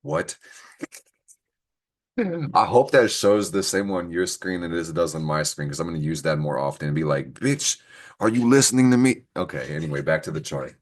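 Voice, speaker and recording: A man's voice: extremely low pitch, moderate pace. A young man hosting a casual astrology show, joking, swearing freely and laughing often, recorded on a computer call. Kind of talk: casual weekly astrology talk. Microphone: computer mic on a screen-recorded call.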